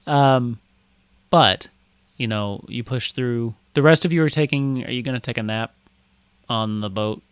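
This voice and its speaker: A man's voice: medium pitch, unhurried, clear, resonant tone, dry recording. Rambling male game master, dry sound. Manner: loose, rambling narration with fillers. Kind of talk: narrating a tabletop game.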